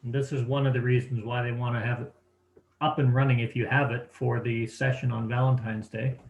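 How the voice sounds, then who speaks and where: A man's voice: medium pitch, level tone, fairly quick. A man who is a square dance caller, chatting in a friendly, enthusiastic way on a video call. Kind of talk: casual chat on a video call. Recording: roomy, dull call audio.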